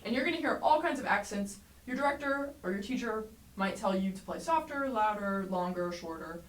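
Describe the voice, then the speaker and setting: A woman teaching a trumpet lesson, explaining clearly and encouragingly, sometimes singing rhythms aloud. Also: medium pitch, animated, brisk. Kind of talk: music lesson tutorial. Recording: roomy echo, mic at a distance, faint background noise.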